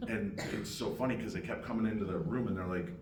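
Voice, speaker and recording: An older man telling an animated story on a convention panel and acting out other people's lines, heard from far off in a noisy room. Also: on the low side, fast. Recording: echoey hall from far off, noisy.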